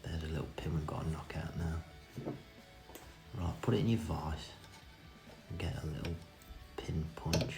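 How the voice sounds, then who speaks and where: A man with a very deep, gravelly voice talks through a repair job with cheeky, self-mocking asides. The room sounds echoey, with music playing behind him. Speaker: vintage reel restorer. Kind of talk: casual hands-on repair tutorial.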